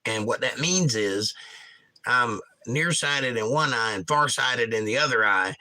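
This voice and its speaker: A middle-aged man hosts a relaxed livestream, reading out viewer comments and riffing on them with dry jokes. His voice is very bright and forward, sitting at an ordinary pitch for a man. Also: measured pace. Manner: jokey, reads viewer comments aloud and riffs on them. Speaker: livestream host reading chat. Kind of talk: casual livestream chat.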